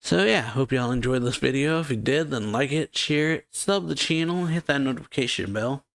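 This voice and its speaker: A man's voice: medium pitch, moderate pace, gravelly, fairly bright tone, no echo, clean studio sound. A man casually retelling a comic chapter as a reaction host, loose and rambling with many fillers. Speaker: manga reaction YouTuber.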